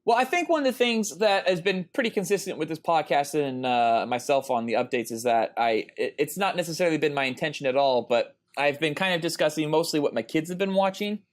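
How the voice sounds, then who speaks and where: A man's voice: fairly high pitch, animated, a little fast, few pauses. A man in his thirties co-hosting a casual podcast, telling a long story in a rambling way with lots of ums and uhs. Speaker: podcast co-host.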